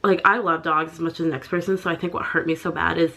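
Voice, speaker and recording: A young woman vlogging in a halting, upset way, full of pauses and fillers. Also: on the low side, level tone, creaky, sharp tone. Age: young adult. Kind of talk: personal confessional vlog.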